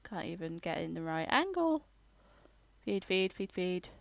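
A woman talks through a casual game voiceover, stopping and restarting as she points things out. Her voice is low and gravelly, with some creak. The sound is dry and close, with no room around it. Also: big pitch swings, no room sound. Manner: rambling, halting, with fillers and restarts. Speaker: gamer giving a tour.

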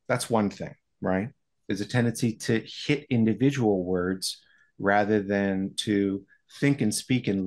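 An American man explaining voiceover coaching in a podcast interview, telling stories in a lively way. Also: on the low side.

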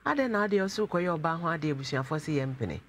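Brief: male host, high and very lively pitch, teasing interjections, clear background noise. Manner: teasing, interjects with quick questions and exclamations. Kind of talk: conversational interview.

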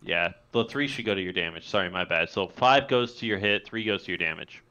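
Man, game master, low voice, bright forceful tone, halting with restarts, dull lo-fi voice chat. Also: expressive, clean tone. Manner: halting, full of restarts and fillers. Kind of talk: running a tabletop game over voice chat.

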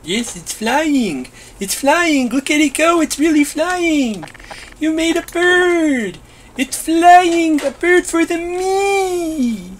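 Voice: mid-range voice, animated, takes it slowly, fairly bright tone, a little hiss or hum. A performer voicing a bossy, childish overseer figure who calls itself a bee, ordering builders about in whiny, broken-grammar comedy machinima lines. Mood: ecstatic. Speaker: boss directing the builders.

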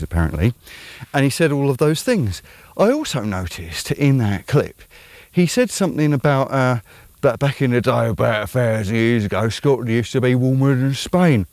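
A man's voice: mid-range voice, a little mellow, dry recording. A man with an Estuary English accent hosting his own channel, talking through an opinionated commentary in a rambling, conversational way full of ums. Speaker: channel host.

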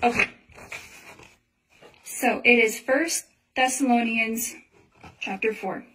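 A woman's voice: a little high, steady tone, slow, bright, forceful tone. Earnest woman rambling through a testimony. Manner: earnest, rambling, many filler words. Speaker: Christian testimony speaker. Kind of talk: casual personal testimony. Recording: voice a little far from the mic.

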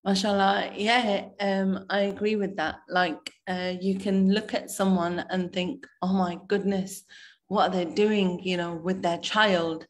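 A woman agreeing in a casual parenting discussion, hesitant and full of fillers. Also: on the low side. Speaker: guest on parenting talk.

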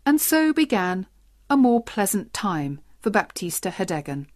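Steady woman storybook narrator. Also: medium pitch, measured pace, no room sound, studio quality. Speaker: audiobook narrator. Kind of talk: graded-reader narration for learners.

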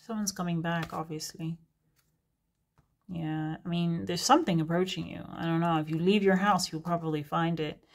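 A woman's voice: fairly low pitch, fairly even intonation, moderate pace. A woman giving a casual, unscripted reading as a host, talking in a chatty, rambling way with frequent laughing digressions. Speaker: tarot reader.

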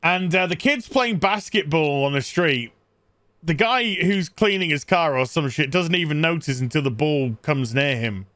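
High voiced guy mocking a terrible movie, sarcastic, dead dry mic. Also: expressive, moderate pace, a bit bright, no room sound. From England. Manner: sarcastic, acting out characters in silly voices. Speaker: movie reviewer. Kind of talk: comedic movie recap.

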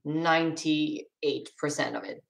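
Swedish woman on a live stream, slow easy talk, reads out chat questions and answers with little laughs. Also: low voice, vocal fry, poor audio. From Sweden.

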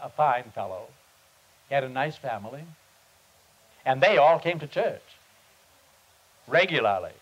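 A man, a pastor, teaching on prayer at a seminar and telling a story in an earnest, halting, unhurried way. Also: mid-range voice, low-quality recording. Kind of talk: sermon-style teaching with storytelling. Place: seminar meeting.

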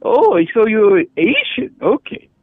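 A man's voice: high-pitched, huge pitch swings, takes it slowly, voice pushed up, heavily acted. A man voicing a goofy male prank caller who claims to be German and hams it up, hopping between fake accents. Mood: teasing. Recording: tinny phone-like line, dry.

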